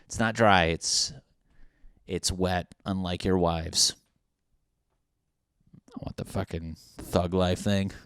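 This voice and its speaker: A man's voice: deep voice, steady tone, slow, pauses often, a bit bright, clear, resonant tone, dry recording, studio quality. A young man hosting a solo comedy podcast, rambling in a crude, profane, self-mocking way, with a wet cough. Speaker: podcast host.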